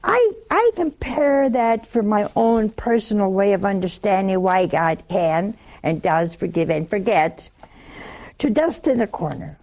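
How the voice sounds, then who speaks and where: A woman giving a sermon, telling homely stories with humor and slow, drawn-out emphasis. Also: mid-range voice, expressive, darkish tone. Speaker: religious speaker.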